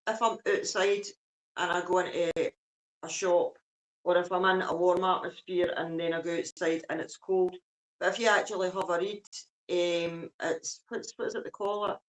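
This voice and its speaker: A woman's voice: on the low side, fairly even intonation, moderate pace, rough recording. A Scottish woman chatting casually, easygoing, with "aye" and "eh" running through her talk. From Scotland. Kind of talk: casual chat.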